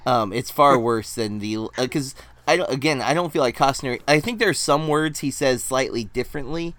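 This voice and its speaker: A man co-hosting a relaxed podcast conversation, often pausing on ums and circling back to finish his thoughts. His voice sits in an ordinary middle register, and the recording is dry, with no room sound at all. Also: medium pitch, no echo. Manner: hesitant, many ums and restarts. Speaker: podcast co-host. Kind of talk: casual chat.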